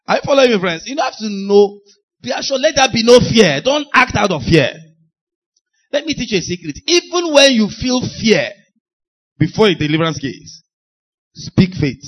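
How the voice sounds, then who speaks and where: A man preaching a sermon, telling deliverance stories with laughs and sudden shouted lines. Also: sits high, normal speed, long pauses. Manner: animated storytelling, laughing, shouting bursts. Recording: dull lo-fi recording.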